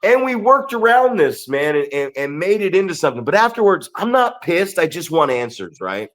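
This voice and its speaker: A man co-hosts a podcast, telling a long story in loose, rambling fashion and swearing freely. He keeps tossing in "right?" to check his listener is following. His voice sits a little higher than most men's. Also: very animated, moderate pace, a bit bright. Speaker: podcast co-host and pro wrestler.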